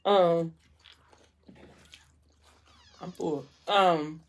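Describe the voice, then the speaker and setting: A woman's voice: fairly low pitch, fairly even intonation, very slow. A young adult woman casually retelling a story, chatty and acting out the characters' quoted lines.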